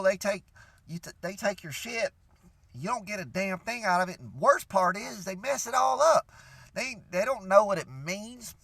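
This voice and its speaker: A man's voice: high voice, a bit bright, no echo. A young man from Louisiana with a Cajun accent, telling a rambling, profane story in a casual rant to his viewers. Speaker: vlogger.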